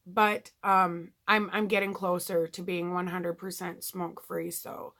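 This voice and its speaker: A woman's voice: lowish voice, flat delivery, unhurried, a bit bright. A woman talking candidly in a casual video diary, rambling with lots of ums and you-knows. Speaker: vlogger.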